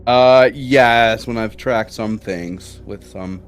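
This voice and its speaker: A man playing a tabletop game, calm and practical. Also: mid-range voice, takes it slowly, a crowd in the background. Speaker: player.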